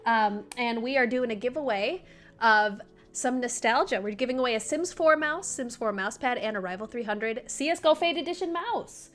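On a casual livestream, a young community manager chats with her viewers and coos baby talk at her dog. Her voice is a little high, expressive and a bit bright, at a moderate pace, and faint music can be heard behind it.

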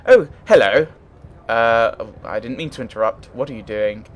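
A man voicing a cheerful, blustering upper-class English gentleman inventor with a plummy accent. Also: on the low side, fairly even intonation, moderate pace, close to an everyday voice. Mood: surprised. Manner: jolly, blustering, old-chap bluster.

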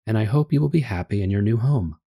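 A man's voice: fairly low pitch, expressive, fast talker, mellow, husky. A man voicing a gracious, regal young fairy princess with formal, kindly speech in a read-aloud story.

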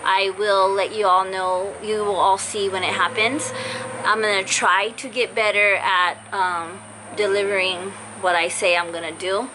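Speaking from a car, a young vlogger offers heartfelt, casual talk to her viewers at a medium pitch, steady and a little slow. She rambles with fillers and apologizes, and her voice keeps breaking since she's been sick. There's noise in the background.

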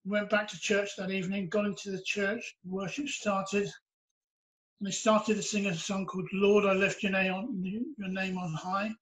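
Man, high pitch, flat delivery, earnest personal storytelling. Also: unhurried, rough recording. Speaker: interviewee sharing his testimony.

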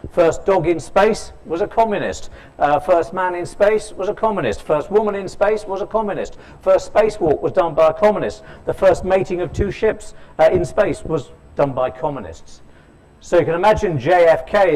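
A man's voice: on the high side, darkish tone, rough recording. Man giving a dry-humored keynote. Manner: storytelling, quizzes the audience, dry humor. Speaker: keynote speaker. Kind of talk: conference lecture. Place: conference hall.

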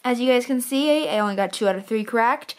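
A woman's voice: a little high, fast. An eighteen-year-old woman vlogging in a casual, rambling, self-deprecating way, full of filler words. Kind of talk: casual vlog chat.

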